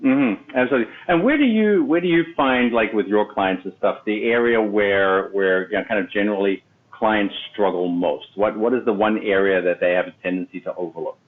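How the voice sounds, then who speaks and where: A man's voice: fairly low pitch, fairly quick, few pauses. A man hosting an interview in casual chat, often repeating words and adding "right?" to his sentences. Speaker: podcast host. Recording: tinny phone-like line.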